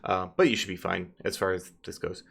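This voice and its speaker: Male GM, bright and slightly low voice; casual, rambling game narration. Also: steady tone, fairly quick, creaky, slightly rough. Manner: casual, filler-heavy narration. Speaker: game master.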